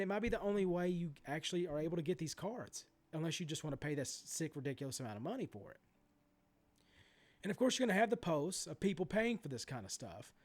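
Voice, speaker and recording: A man in his forties ranting in a vlog about sports card prices, swearing freely and going off on asides and restarts. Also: sits high. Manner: animated, profane ranting with many asides and restarts. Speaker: sports card collector vlogger.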